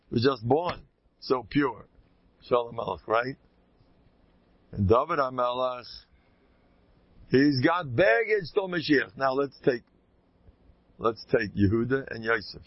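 A man, a rabbi, teaching a lively religious class, telling anecdotes with bursts of loud emphasis. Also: mid-range voice, dry recording, highs cut off.

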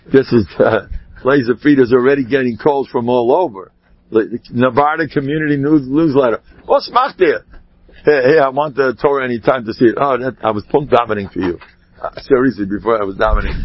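A man giving an informal Torah talk, telling rambling stories with animated asides. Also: medium pitch, breathy edge. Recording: dull lo-fi sound.

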